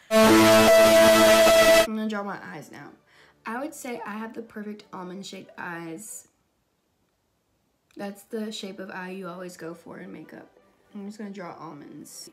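Chatty self-deprecating woman vlogger. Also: medium pitch. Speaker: makeup YouTuber. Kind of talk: casual vlog chat while drawing. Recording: background music.

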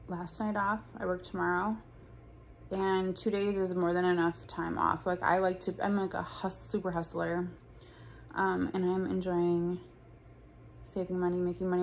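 A woman's voice: fairly low pitch, a little hiss or hum. A young woman in a casual storytime vlog, talking bluntly and profanely with lots of "like". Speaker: vlogger.

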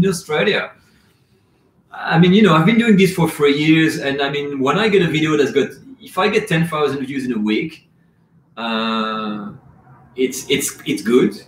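Guy chatting on a live stream, loose and rambly, reading out comments, roomy echo. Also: medium pitch. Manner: casual, rambling, reads chat comments aloud. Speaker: cooking channel host.

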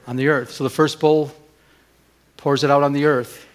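A middle-aged man preaching a sermon as a pastor, telling a personal story with lively acted-out dialogue and many restarts. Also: medium pitch, normal speed.

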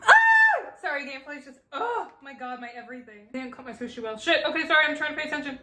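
A young woman hosting a casual reaction video, excitable and gushing, swearing freely and breaking into squeals. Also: high-pitched, rapid-fire. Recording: echoey room with faint noise.

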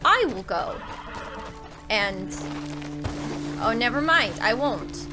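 A woman's voice: fairly high pitch, lively intonation, slow pace, pauses often. A woman streaming a video game, chatting emotionally to viewers and swearing a lot. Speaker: gaming streamer. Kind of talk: casual let's-play commentary. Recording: game music behind voice.

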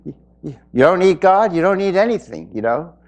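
A man giving an inspirational spiritual talk to an audience, earnest and reflective, with pauses. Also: high-pitched, very animated, a little mellow. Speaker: spiritual speaker.

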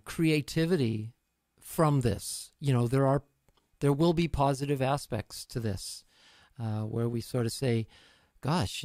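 Relaxed Canadian man, dry close sound. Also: mid-range voice, dry recording. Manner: relaxed, rambling, self-deprecating. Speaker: musician guest. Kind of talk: casual live-stream interview.

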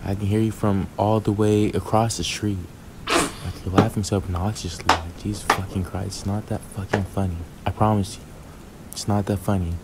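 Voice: deep voice, fairly even intonation, moderate pace, background noise. A man playing an irritable young boyfriend in a role-play clip, scornful, swearing and repeating himself. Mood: contemptuous.

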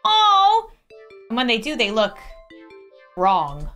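A young woman reads a game's story aloud, animated and dramatic. Her voice sits fairly high, and quiet game music plays under her. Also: a little fast. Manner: animated, gasps and shrieks, dramatic reading. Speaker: gaming YouTuber. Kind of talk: reading game text aloud and reacting.

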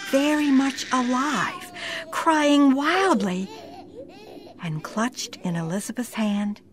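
A woman narrating a scripted ghost story in a dramatic manner, slowing down for suspense. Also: mid-range voice.

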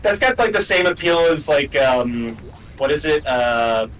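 Bright-voiced young man gaming, off-mic. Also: fairly high pitch, animated, measured pace, slight background noise. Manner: rambling, filler-heavy, emphatic. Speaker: let's play co-host. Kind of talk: casual gaming chat. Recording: voice a bit far from the mic.

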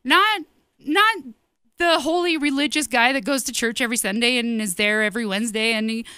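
A woman's voice: fairly high pitch, fast talker, pushed and bright, smooth, no echo. A woman giving an earnest personal testimony sermon as host of her ministry show, speaking emphatically and directly to her listeners.

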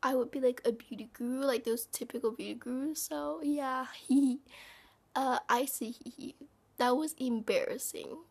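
High-pitched yet husky and darkish, with vocal fry, this teenage girl's steady, measured voice carries a casual vlog aimed at the camera. Gushing and dramatic, she sometimes lowers to a whisper.

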